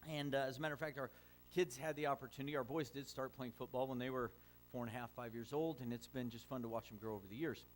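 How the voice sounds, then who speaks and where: A man's voice: medium pitch, fairly even intonation, fast. A middle-aged man preaching a sermon as a pastor, telling stories conversationally with frequent fillers and restarts.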